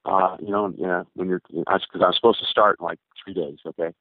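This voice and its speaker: A man in his sixties, a former baseball pitcher, telling long rambling stories in an interview and acting out old conversations. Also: fairly even intonation, quick pace, slight background noise. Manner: rambling, with many fillers and acted quotes. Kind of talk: storytelling interview answers. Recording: tinny phone-line sound.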